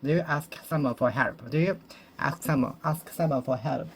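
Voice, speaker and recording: A native Japanese speaker practicing English alone, slowly repeating and rephrasing each sentence and correcting themselves as they go. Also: mid-range voice, a little hiss or hum. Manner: slow, careful, deliberate. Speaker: English learner. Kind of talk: solo speaking practice monologue.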